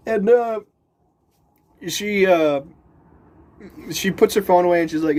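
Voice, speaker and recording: A man's voice: a little high, a little slow, pauses often. A man telling a story casually, rambling and restarting sentences, laughing often and acting out the people he quotes. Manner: animated, voices the people he quotes.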